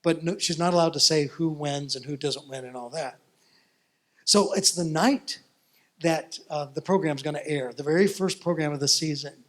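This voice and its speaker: A male pastor preaching with a high voice. He tells his story in an animated, folksy way that keeps the congregation listening. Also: normal speed. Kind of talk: sermon storytelling.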